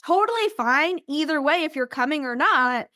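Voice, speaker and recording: A woman's voice: high voice, animated, normal speed, bright, forceful tone. A woman business coach giving an upbeat, chatty training and constantly checking in with "right?". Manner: acts out invitees in bubbly voices.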